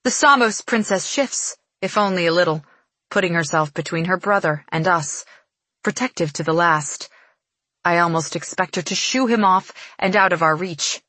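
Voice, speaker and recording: A woman narrating a first-person novel in a measured, expressive reading. Her voice sits on the low side, and the recording is close and dry with no room sound. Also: dry recording. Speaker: audiobook narrator.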